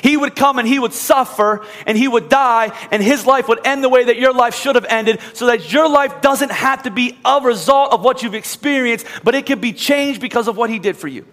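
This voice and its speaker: A man's voice: extremely high pitch, moderate pace, hardly any pauses. A man preaching a sermon as pastor, telling a story with rising emphasis. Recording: reverberant hall with soft music.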